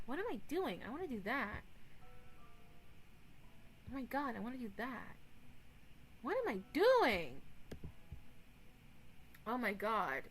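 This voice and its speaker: A woman streamer chatting casually on a livestream, rambling and animated, swearing and giggling now and then. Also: high voice, heavy background noise.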